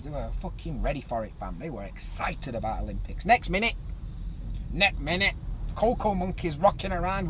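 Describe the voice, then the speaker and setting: Guy ranting on his podcast, swears a lot, voice jumps all over, bit of faint noise behind. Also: a little high. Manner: animated, swearing, dialect phrasing. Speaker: podcast host. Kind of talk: sweary comedic rant.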